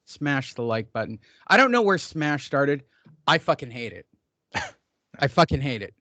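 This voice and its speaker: A man's voice: medium pitch, sing-song, measured pace, pushed and bright, dry recording. A man hosting a boxing podcast from a studio desk, ranting loosely with crude, profane jokes. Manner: loose, profane, joking rants. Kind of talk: casual crude podcast banter.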